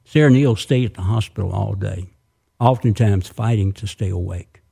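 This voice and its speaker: Gravelly male storyteller. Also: on the low side, normal speed, mellow. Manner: vivid, with sound effects and asides to listeners. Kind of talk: dramatic oral storytelling.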